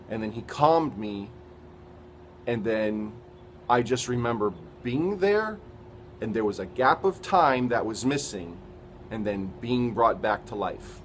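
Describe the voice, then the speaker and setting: A man giving an earnest, halting personal testimony, retelling events with quoted dialogue. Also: mid-range voice, a little hiss or hum.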